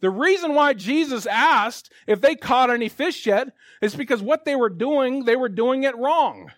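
A pastor preaching in a high-pitched voice, talking through scripture like a chat with his congregation. He builds to fervent, emphatic exhortation. The recording is dry and close, with no room sound. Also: expressive, moderate pace, no echo. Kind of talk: sermon.

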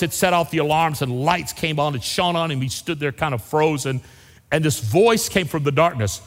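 A man's voice: a little high, fairly bright tone. A man, preaching a sermon as pastor in a folksy, storytelling way. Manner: folksy storytelling, varied emphasis. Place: large church sanctuary. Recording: long reverb of a church hall.

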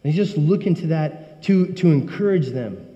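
Man preaching, earnest, emphatic, mellow tone, long hall reverb. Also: fairly high pitch, expressive, moderate pace, dull audio. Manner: earnest, emphatic, rising when he voices prayers. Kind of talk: sermon.

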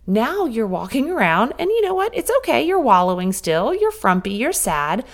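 Middle-aged woman, podcast host, candid coaching talk, very animated pitch. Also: moderate pace. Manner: candid, direct, coaching the listener. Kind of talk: motivational solo podcast talk.

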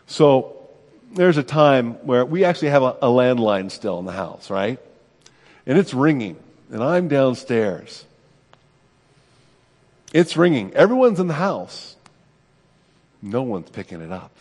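A man's voice: medium pitch, very animated, measured pace, long pauses, darkish tone, in a large hall. A middle-aged man, a pastor, preaching a sermon in a conversational, self-deprecating way, often checking in with "right?".

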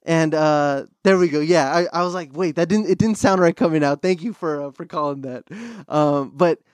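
A young man with a slightly high voice hosts a podcast at a normal pace, telling stories in a casual, animated manner riddled with fillers and restarts. His tone is clean, with no echo and clean studio sound.

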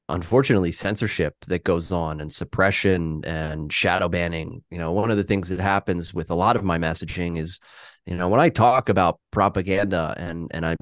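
A man's voice: sits low, moderate pace, dry recording, studio quality. A man talking candidly on a podcast, self-deprecating and casual, with frequent restarts.

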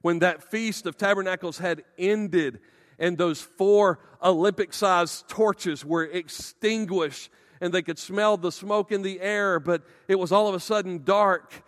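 A man preaching a sermon as pastor, emphatic and slowing down to stress key words. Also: sits high, fairly bright tone, in a large hall.

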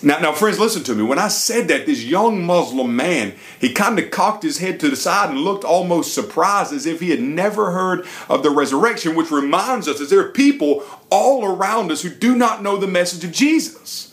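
A middle-aged man preaching, telling a personal story in a lively, emphatic sermon style. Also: high-pitched, normal speed, hardly any pauses.

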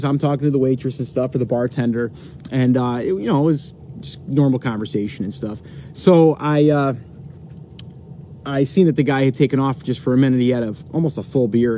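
A man's voice: medium pitch, warm tone, a little hiss or hum. A man telling a long story to the camera, rambling with many fillers and restarts. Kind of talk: casual storytelling.

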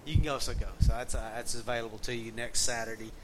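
Over a faint hum of air conditioning, a middle-aged Southern pastor preaches in a chatty style, sharing a homespun family tale and reading from scripture. His medium-pitched voice is steady in tone and quick.

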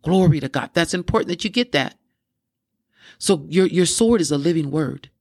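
A man preaches a fervent sermon in a fairly high voice. He breaks in often with "glory to God" and moves into prayer and prophetic declarations. The sound is dry and close to the mic. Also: lively intonation, normal speed, darkish tone, dry recording.

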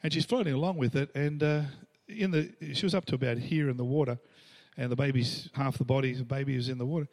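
A man's voice: medium pitch, quick pace, hardly any pauses, a little mellow. A middle-aged Australian man preaching a storytelling sermon, acting out the voices he quotes and laughing between lines. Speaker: pastor.

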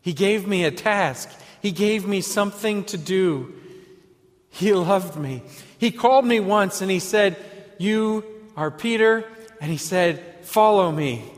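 A man with a slightly high voice tells an apostle's story in the first person. He drops to a hush, then picks up eagerly. A long reverb trails his voice through a hall. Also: measured pace. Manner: storytelling, swinging between hushed and eager.

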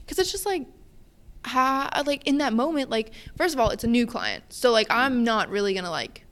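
A young woman in her twenties, a guest on a casual podcast, tells a frustrating story in a lively rant packed with "like" and "you know". Her voice sits high, and she speaks freely and informally. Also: moderate pace. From Wisconsin. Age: 20s. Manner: ranting, animated storytelling with many fillers.

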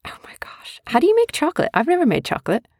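Playful mom hosting a chat. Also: female voice, sits high, huge pitch swings, fast, darkish tone, no echo, in a whisper, studio quality. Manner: playful, teasing, questioning. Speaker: podcast host. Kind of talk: casual chat with her young son. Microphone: desk USB mic.

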